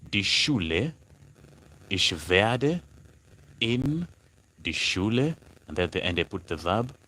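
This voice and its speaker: Deep-voiced man teaching slowly. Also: fairly bright tone, dry recording. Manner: slow, repetitive explaining, spelling out words, greeting viewers. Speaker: German language tutor. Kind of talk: live online lesson.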